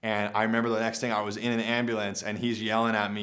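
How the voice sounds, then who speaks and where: A man's voice: fairly low pitch, flat delivery, fast talker, fairly bright tone. Rambling young man telling a story. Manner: rambling, many "like" fillers and restarts. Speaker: vlogger. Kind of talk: casual storytelling.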